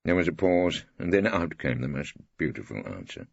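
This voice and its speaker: An older English man narrating an audiobook in the first person, dry, wry and measured. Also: a bass voice, big pitch swings, gravelly, no echo. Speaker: audiobook reader. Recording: dull dry studio audiobook.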